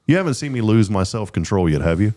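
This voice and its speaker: A middle-aged man hosting a talk show, telling rambling stories in a casual, animated way. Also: fairly low pitch, quick pace. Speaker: host. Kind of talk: casual storytelling.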